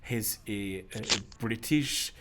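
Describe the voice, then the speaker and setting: A man's voice: lowish voice, slow pace, background noise. A man co-hosting a stream, leading improvised comedic role-play in a playful, mock-formal way. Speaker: stream co-host.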